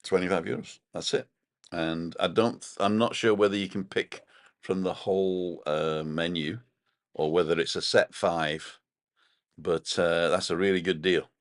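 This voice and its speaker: A man's voice: low voice, steady tone, measured pace, no room sound, studio quality. A man co-hosting a casual live stream from his balcony, rambling chattily and reading out viewer comments. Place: home balcony.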